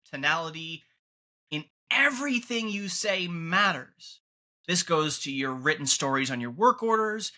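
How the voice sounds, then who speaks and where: Man, podcast host, very bright tense tone, emphatic, restarts phrases. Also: on the high side. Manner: emphatic, restarts and repeats words. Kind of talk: casual podcast chat.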